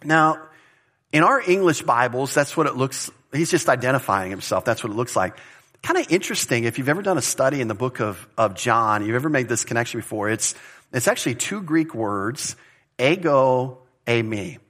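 A man's voice: medium pitch, very animated, moderate pace, fairly bright tone. A man teaching a Bible study in an informal, conversational way, with asides and restarts.

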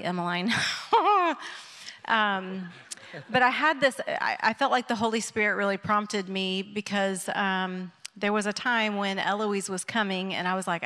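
A soft-spoken woman in her thirties gives a heartfelt faith testimony to a church group. Her voice sits at a middle pitch and she pauses often with gentle ums. The hall around her adds a long, echoing reverb. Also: fairly even intonation.

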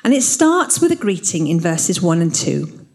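A woman's voice: fairly low pitch, sing-song, normal speed, a little mellow. A woman teaching the Bible in an earnest, explanatory way. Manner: earnest, explanatory, reads scripture aloud.

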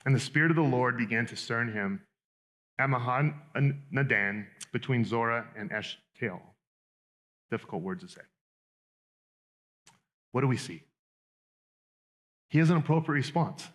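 A man preaching a sermon in a conversational, animated way with quick asides. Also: mid-range voice. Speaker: pastor.

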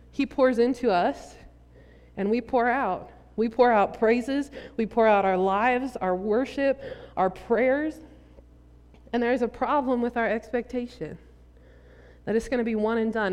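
A woman's voice: medium pitch, darkish tone, smooth. A young woman giving a sermon, telling a funny personal story with jokey asides to the audience. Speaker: preacher. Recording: long reverb from a large hall.

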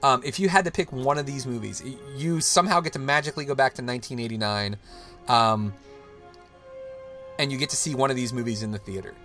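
A man's voice: mid-range voice, fast talker, pushed and bright, soft background music. A man in his thirties hosting a casual chat, talking loosely with lots of "like" and restarts. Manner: rambling, loose, full of "like" and restarts. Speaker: podcast host.

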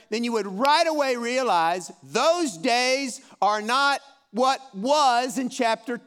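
A man's voice: extremely high pitch, a bit bright. A man in his fifties teaching a Bible study in a room with a live audience, speaking in an encouraging, folksy way and often repeating himself. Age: 50s.

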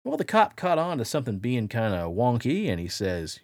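Podcast guy telling a crazy story, gravelly voice, lots of ups and downs, dry close mic. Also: medium pitch, moderate pace, no room sound. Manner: animated, acts out quoted voices. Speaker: podcast host. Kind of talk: dramatic first-person story retelling.

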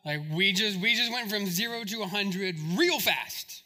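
Male pastor preaching, high bright voice, chatty and joking with the room. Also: a little slow. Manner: humorous, conversational asides to the congregation. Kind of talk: sermon.

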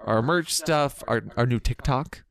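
A man's voice: medium pitch, a bit bright. Playful teasing male podcast co-host. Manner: teasing, playful, quick with jokes. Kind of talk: casual chat.

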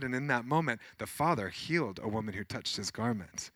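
A man's voice: medium pitch, lively intonation, a little fast, few pauses, fairly bright tone, no room sound. A man preaching a sermon, reading scripture and speaking in a conversational, slightly snarky way that turns urgent as he acts out scenes. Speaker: pastor.

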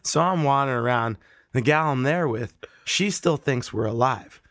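Man, casual storytelling, swears a lot, animated, mid-pitched, dry close sound. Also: normal speed, dry recording. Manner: profane, animated, acts out the people in his stories.

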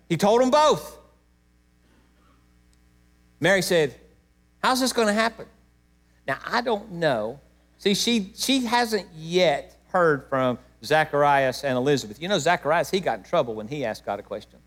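A middle-aged man preaching a sermon to his church, emotional, swinging between loud emphatic peaks and hushed moments. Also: fairly high pitch, animated, measured pace. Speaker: pastor.

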